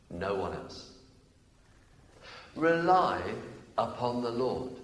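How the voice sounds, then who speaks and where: Animated preacher in an echoey hall. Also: male voice, medium pitch. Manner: animated, emphatic, swings between loud declarations and quick asides. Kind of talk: sermon. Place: church. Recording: echoey church hall, reverberant.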